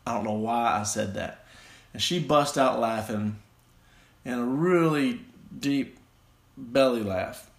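A man with a Southern American accent telling a rambling, self-deprecating personal story in a halting way, with many restarts. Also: mid-range voice, vocal fry, echoey room.

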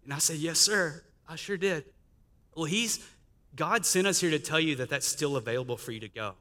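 Man, chatty preacher telling his story, bright tone, long hall echo. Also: on the high side, animated, quick pace. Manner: conversational storytelling with quoted dialogue and laughter. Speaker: guest speaker sharing testimony. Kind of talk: testimony sermon. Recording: reverberant church hall.

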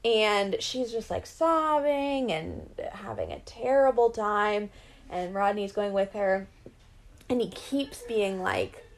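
A woman co-hosting a podcast in casual chat, animated and quick to laugh. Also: mid-range voice. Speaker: podcast co-host recapping a reality show.

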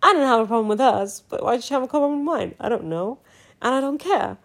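A woman's voice: a little high, animated, fast, creaky. A young woman hosting her own podcast, talking in an emphatic, exasperated and casual way, often breaking into laughs. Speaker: podcast host.

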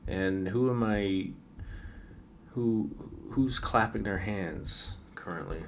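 A man's voice: lowish voice, slow pace, slight background noise. A man hosting a late-night solo podcast, rambling wryly with frequent stammered restarts. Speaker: podcast host.

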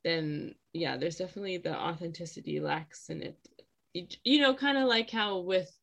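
A woman's voice: fairly low pitch, normal speed, vocal fry, fairly bright tone. A woman co-hosting a podcast, talking in a rambling, thoughtful way and searching for words. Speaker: podcast co-host. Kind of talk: casual podcast chat.

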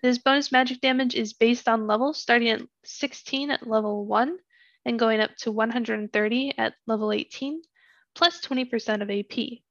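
A woman with a slightly high, gravelly voice reads game numbers steadily, like a podcast co-host working through notes. The sound is dry and a little dull, as from a modest home mic. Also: moderate pace, no room sound. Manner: steady, methodical reading of numbers. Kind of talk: reading game stats in casual chat.

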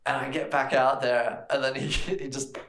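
A man's voice: mid-range voice, little pitch movement, moderate pace, vocal fry, a bit bright, roomy sound, slight background noise. Australian man telling a rambling story. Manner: rambling, laughs often, mimics people in stories. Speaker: podcast co-host. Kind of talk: casual storytelling chat.

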